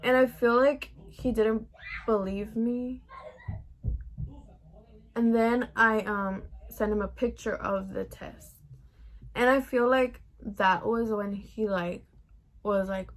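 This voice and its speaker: A woman's voice: medium pitch, fairly even intonation, measured pace. A young adult woman telling a casual, profane storytime vlog, peppered with "like". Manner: chatty, profane, heavy use of "like". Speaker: vlogger.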